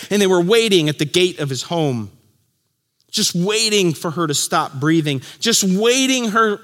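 High-voiced pastor preaching in a reverberant hall. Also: male voice. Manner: storytelling, acts out voices, drops to a hush for key lines. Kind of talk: sermon.

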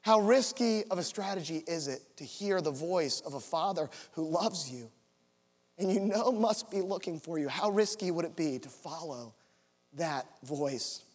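High-voiced pastor in an echoey hall. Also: male voice, expressive, unhurried. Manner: storytelling, builds to an altar call. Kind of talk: sermon with personal story. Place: church sanctuary.

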